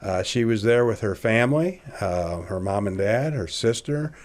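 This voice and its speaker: A man of about sixty from Ohio tells a long personal story as a podcast guest. His voice sits fairly low, and he brings it to life by acting out each character's lines and laughing at himself along the way. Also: normal speed. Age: around 60. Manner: animated storyteller who acts out dialogue, laughing at himself. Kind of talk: casual storytelling interview.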